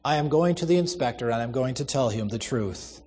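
A man's voice: medium pitch, lively intonation, fairly quick, a little mellow, breathy edge, big-room sound. A man playing a remorseful, anguished young man. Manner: anguished, self-reproaching, resolute.

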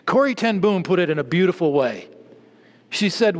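A man's voice: sits high, sing-song, normal speed, big-room sound. A male preacher delivering a sermon emphatically, repeating key phrases and speaking directly to his listeners.

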